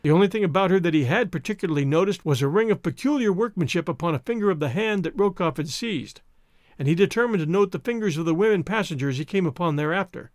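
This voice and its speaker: A man reading an adventure novel aloud as narrator, in a theatrical, expressive way. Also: on the high side, no echo, clean studio sound. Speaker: audiobook narrator. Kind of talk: scripted narration.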